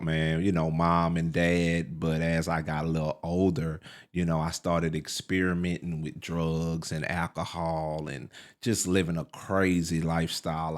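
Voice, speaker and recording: Deep-voiced Texan man telling his story. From Port Arthur, Texas. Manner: excited storytelling, says "man" often. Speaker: podcast guest. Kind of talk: casual interview talk.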